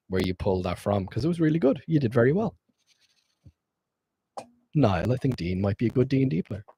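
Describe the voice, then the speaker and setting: A man's voice: fairly low pitch, dark tone, husky, no echo. A man streaming as game master, wrapping up a tabletop session in loose, rambling casual chat with frequent swearing.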